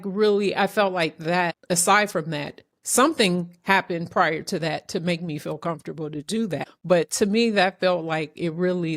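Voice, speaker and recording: Woman host, animated storyteller, rambling restarts, dry close sound. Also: on the low side, dry recording. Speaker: podcast host. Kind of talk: casual interview chat.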